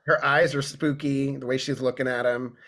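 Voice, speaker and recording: Podcast guest guy, mid pitch, wry jokey asides. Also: flat delivery, moderate pace, a bit bright. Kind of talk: casual chat.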